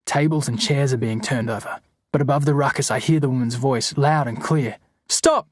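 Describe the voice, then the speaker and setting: Man with a husky narrating voice. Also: medium pitch, brisk, dry recording. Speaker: audiobook narrator. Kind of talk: scripted narration.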